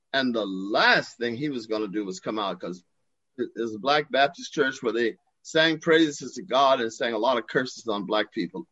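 An older man, a guest on a video call from his home porch, telling a personal story in an expressive, theatrical way. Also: medium pitch, no echo, muffled recording. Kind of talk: storytelling in an interview.

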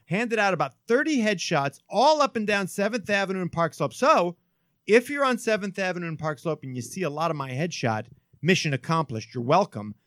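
A man hosting a casual talk radio show, an animated, swearing, rambling storyteller on a close studio mic. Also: high voice, brisk, dry recording.

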